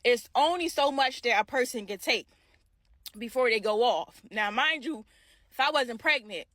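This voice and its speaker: A woman tells a dramatic story to her viewers in a casual storytime vlog, acting out the shouted parts of it. Her voice sits a little high. The sound is dry and close, with no room echo. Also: expressive, moderate pace. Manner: dramatic retelling with shouted quotes, addresses viewers directly. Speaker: vlogger telling a story.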